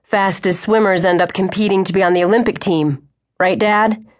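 A woman's voice: medium pitch, steady tone, normal speed, lightly acted. A woman voicing a polite, dutiful teenage boy who speaks in a reserved way in an audiobook.

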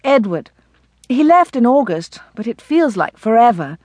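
A woman voicing a composed, friendly young gentlewoman in an audiobook. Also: on the high side, big pitch swings, moderate pace, dry recording, clean studio sound, voice pushed up.

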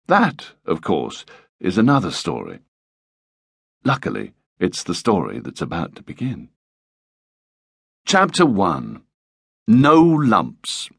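A man's voice: deep voice, huge pitch swings, slow pace, gravelly, long pauses, fairly bright tone, husky, dry recording, clean studio sound. A man narrating a children's audiobook in a playful, lightly comic storytelling manner.

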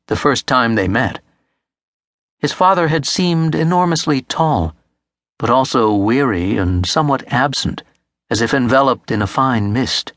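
Reading literary fiction aloud as an audiobook narrator, this man keeps a steady, measured delivery. His voice sits at a medium pitch, captured on a close studio mic with no room sound at all.

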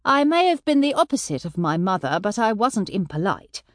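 A woman narrating a historical novel audiobook in the first person, with expressive storytelling. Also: mid-range voice, normal speed, no room sound, clean studio sound.

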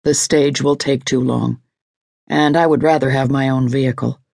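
A woman voicing a grown man, a steady husband who reasons patiently and keeps his voice level. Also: rumbling low, creaky, no room sound, studio quality, heavily acted. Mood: reasoning. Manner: calm, measured.

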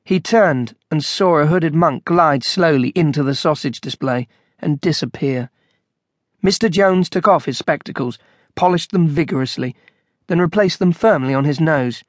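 A man narrating an audiobook in a measured, wry storytelling manner on a close studio mic. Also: on the high side, no echo.

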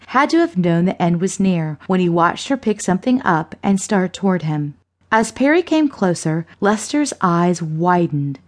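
A woman narrating a suspense thriller audiobook in a measured, unhurried reading. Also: fairly low pitch, darkish tone.

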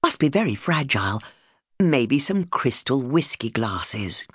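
Woman voicing an excitable affectionate wife, gushing, high, very lively pitch, storybook. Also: measured pace, husky, no echo, clean studio sound, full character voice. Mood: curious.

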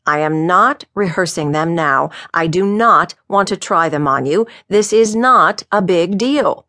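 A woman's voice: on the low side, a little slow, fairly bright tone, no echo, studio quality. A woman doing a grumbling, nervous police chief. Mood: irritable. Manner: gruff and grumbling. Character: nervous, irritable middle-aged male police chief.

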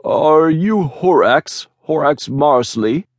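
A man voicing an eager, excitable male mutant merchant in a storybook reading. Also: on the high side, slow pace, no room sound, voice pushed up, heavily acted. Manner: breathless, gushing.

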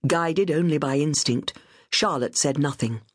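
A woman narrating a period novel as an audiobook, in a measured, dramatic storytelling manner. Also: low voice, breathy edge, no room sound, clean studio sound. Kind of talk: scripted narration.

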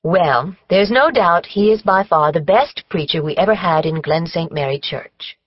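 A woman's voice: fairly low pitch, moderate pace, slightly rough, no echo, highs cut off. A woman voicing a chatty, opinionated middle-aged village woman who draws out her words for emphasis. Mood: emphatic.

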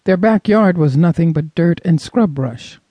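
Mellow, expressive male audiobook narrator. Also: on the high side, measured pace, dry recording, highs cut off. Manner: expressive storytelling. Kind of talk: scripted narration.

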